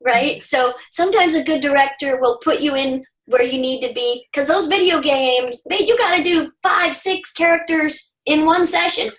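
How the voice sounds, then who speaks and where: A woman voice actress from Southern California, upbeat, explaining her craft and jumping into quick voice demos in a casual webinar. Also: high-pitched, a bit bright. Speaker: voice actress and guest. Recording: roomy webinar audio.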